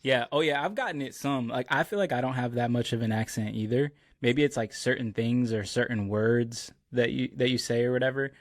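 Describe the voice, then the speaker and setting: A man's voice: mid-range voice, a little fast, hardly any pauses, no echo, studio quality. A man hosting a podcast, chatting casually and telling stories with lots of "like" and "bro". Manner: relaxed storyteller, many "like" and "bro" fillers. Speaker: podcast host. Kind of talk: casual chat.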